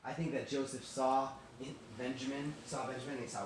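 A man teaching a Bible lesson in an animated storytelling way, often asking his listeners questions. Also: medium pitch, brisk, slight background noise. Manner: animated, asks the class questions. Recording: echoey room, distant mic.

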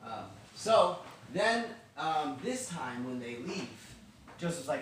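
A man retelling a Bible story in a casual, animated way, acting out the quotes. It is recorded in a very echoey room from far off. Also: on the high side, takes it slowly, a little hiss or hum. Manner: animated, chatty, acts out quotes.

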